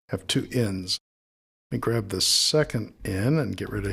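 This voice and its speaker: A man's voice: fairly low pitch, moderate pace, creaky, a bit bright, slightly rough. A man teaching audio editing, thinking aloud as he trims clips and mutters asides to himself. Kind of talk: screen-recorded editing tutorial.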